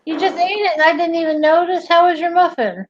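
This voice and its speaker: A woman chatting casually with friends, enthusiastic and quick to laugh. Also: very high-pitched, fairly even intonation, lo-fi sound, background noise. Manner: enthusiastic, giggly, laughs often. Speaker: friend in group chat. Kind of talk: casual chat.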